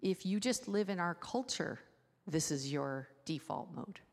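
A woman pastor giving a conversational sermon in a church. She talks in a lively way, asking the congregation many rhetorical questions. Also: fairly low pitch, measured pace, vocal fry. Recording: long hall reverb.

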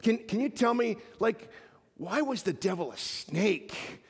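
Brief: inquisitive preschool girl voiced by a man, high and earnest, in a long-echo church hall. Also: sing-song, a little slow, breathy edge, full character voice. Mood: curious. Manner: earnest, repetitive questioning. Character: curious little girl, three or four.

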